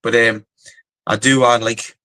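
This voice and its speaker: A middle-aged Geordie man tells his army stories in a blunt, rambling way, full of swearing and filler words. His pitch sits in the everyday middle, and the sound is dry and close with no room around it. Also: level tone, a little slow, pushed and bright, no echo, low-quality recording. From North East England. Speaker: guest, former soldier and boxer. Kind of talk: casual storytelling interview.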